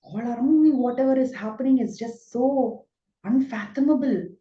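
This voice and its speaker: A woman's voice: on the high side, moderate pace, pitched above the performer's own voice, natural voice. A trembling young warrior pleads for answers in a raised, frightened voice, as a woman acts him out. He fires off confused questions and sounds lost. The sound is roomy and a little dull. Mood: terrified.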